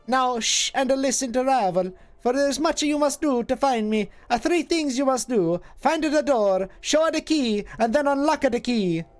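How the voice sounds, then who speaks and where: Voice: high voice, lively intonation, voice pushed up. A streamer voicing an ancient female hag, cryptic and possessive, with archaic twisted phrasing and a drifting put-on foreign lilt. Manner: archaic twisted word order, hissing and drawn-out.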